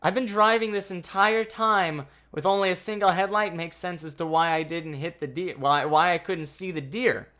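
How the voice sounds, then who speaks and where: Man, casual storytime vlog, animated and swearing, fairly high, bright voice. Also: moderate pace, hardly any pauses. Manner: animated, swearing, anxious retelling. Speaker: vlogger.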